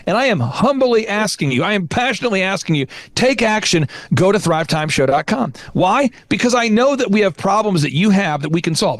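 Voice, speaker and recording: Male podcast host, high voice, emphatic preacher-like delivery, dry close mic. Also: dry recording. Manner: emphatic, repetitive, exhorting. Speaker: podcast host and business coach. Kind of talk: impassioned preaching-style talk.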